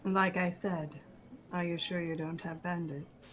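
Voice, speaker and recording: A woman's voice: fairly low pitch, steady tone, measured pace, a bit bright, low-quality recording. A woman playing in a tabletop game, asking short, skeptical questions in character. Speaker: player.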